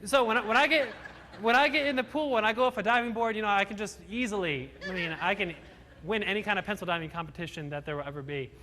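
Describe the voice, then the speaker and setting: A young man in his twenties from Virginia tells a personal story to an audience, earnest and animated. His voice sits high and sounds bright and forceful. It rings out with the long reverb of a large hall. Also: fast talker, a little hiss or hum. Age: 20s.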